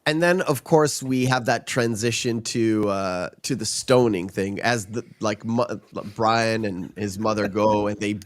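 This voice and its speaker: A man's voice: on the low side, measured pace, hardly any pauses. A man hosting a podcast, chatting casually about a film with frequent restarts and chuckles.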